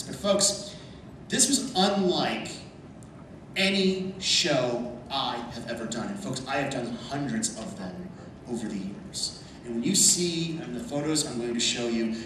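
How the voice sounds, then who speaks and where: A man speaking at a convention panel, telling a story over slides in an animated way and calling the audience "folks". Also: medium pitch. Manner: animated, addresses the crowd as folks. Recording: echoey hall from far off, noisy.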